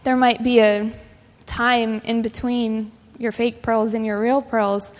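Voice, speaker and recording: A woman's voice: on the high side, level tone, slow. A young adult woman giving a sermon-style talk, telling stories earnestly with casual fillers. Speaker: speaker. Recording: long hall reverb.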